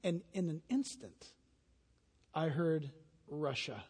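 A middle-aged male pastor with a notably high voice preaching in a church sanctuary. He drops to a hushed storytelling tone, then climbs into loud, fervent exhortation. The sound carries a long hall reverb. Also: animated, slow, husky. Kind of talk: sermon.

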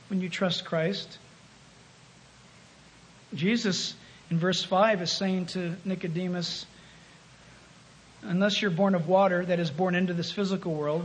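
High, bright-voiced preacher. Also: male voice, a little hiss or hum. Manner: emphatic, swinging between loud calls and hushed asides. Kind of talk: sermon.

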